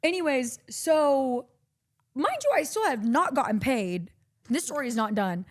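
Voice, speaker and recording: A woman's voice: high-pitched, a little slow. A young woman from Texas telling a long story in casual chat, acting out every quote and swearing freely. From Corpus Christi, Texas. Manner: animated, acts out quotes, swears a lot.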